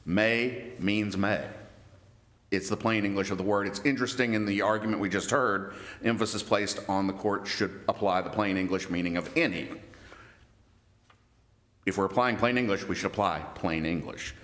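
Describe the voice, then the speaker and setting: A man arguing an appeal for the appellee in court, measured and emphatic about the exact words, with occasional restarts. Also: lowish voice, fairly even intonation, fairly bright tone, echoey room. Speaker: attorney for the appellee. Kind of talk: appellate oral argument.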